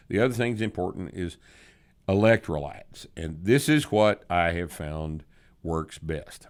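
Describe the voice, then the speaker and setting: An older man hosting a podcast Q&A, answering listener questions in a blunt, sardonic way with some swearing. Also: lowish voice. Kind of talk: casual podcast Q&A.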